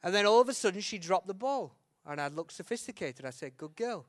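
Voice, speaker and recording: High-voiced animated preacher man. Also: fast talker. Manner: humorous, animated, shouts and acts out quotes. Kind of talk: storytelling sermon.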